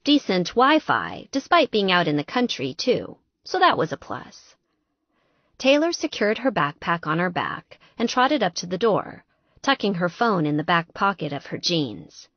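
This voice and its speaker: A woman narrating an audiobook in a lively, expressive storytelling manner. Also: lowish voice, measured pace, no echo, highs cut off.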